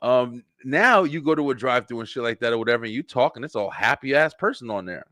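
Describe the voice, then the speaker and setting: Guy ranting on his livestream, cussing a lot, trips over his words, mid-pitch, dry close mic. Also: fast talker, hardly any pauses, no room sound. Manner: rambling, profane, animated, with lots of filler and repeated words. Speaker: webshow host. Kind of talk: casual livestream monologue.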